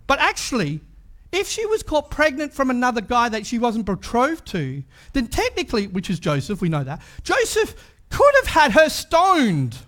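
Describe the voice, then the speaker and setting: Man, preacher, sermon, high voice, lively swings in pitch, conversational asides. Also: moderate pace. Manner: animated, chatty asides and rhetorical questions.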